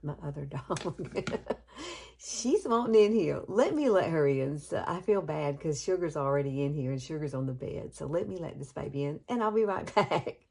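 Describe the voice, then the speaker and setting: A woman's voice: sits low, lively intonation, normal speed, vocal fry, darkish tone, breathy edge. A woman, chatting her way through a casual makeup tutorial with homey, rambling asides. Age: 50s. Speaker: beauty vlogger.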